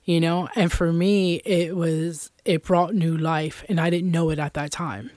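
Middle-aged woman, interview guest, earnest testimony, lowish voice, dry. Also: fairly even intonation, measured pace, darkish tone, no room sound. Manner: earnest, many fillers like "you know" and "um".

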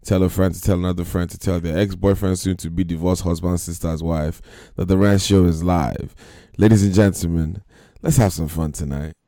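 A man's voice: low-pitched, steady tone, normal speed, dark tone, no room sound, studio quality. A man hosting a casual podcast, playful and teasing, hyping up his listeners. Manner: playful, teasing, hype intro calls. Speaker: podcast host.

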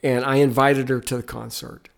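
A man's voice: medium pitch, little pitch movement, moderate pace, creaky. A man, a Christian musician, telling stories in a podcast interview with an earnest, emphatic, preacher-like cadence.

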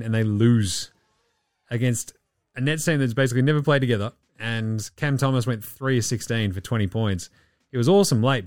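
A man's voice: medium pitch, darkish tone, dry recording, studio quality. A man hosting a podcast in casual sports chat, blunt, joking and swearing freely. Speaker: podcast host.

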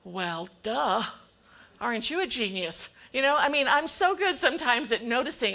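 Bright high-voiced woman preaching. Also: sing-song, normal speed. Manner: emphatic, acts out quoted voices of God and people. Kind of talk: sermon.

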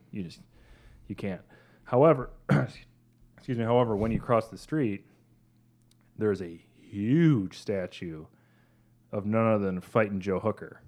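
A man's voice: fairly low pitch, a little mellow. A man co-hosting a podcast in casual chat, rambling and self-deprecating with many fillers. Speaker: podcast co-host.

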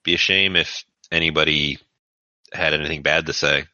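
A man's voice: a bass voice, fairly even intonation, normal speed, bright, forceful tone, no room sound, lo-fi sound, heavily acted. A man voicing a grumpy, petty corporate lieutenant in a tabletop game who talks curtly and irritably. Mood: veiled threat. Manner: curt and irritable.

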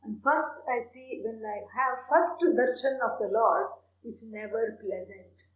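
A woman, a spiritual teacher, explaining a Sanskrit prayer with animated storytelling and soft laughs. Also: on the high side, measured pace, echoey room, low-quality recording.

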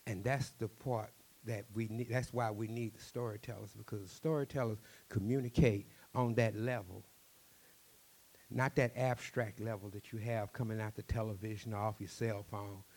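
Speaking in a lowish register, this man with a Cajun accent spins stories in an interview, talking fast and with plenty of animation while frequently repeating himself.

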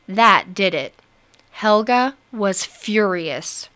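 A woman narrating a storybook aloud in an expressive, unhurried manner. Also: mid-range voice.

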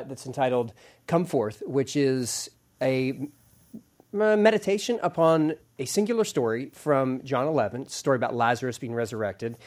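A man who is a pastor, hosting an interview and asking teasing, joking questions in a casual way. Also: medium pitch. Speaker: podcast host and pastor.

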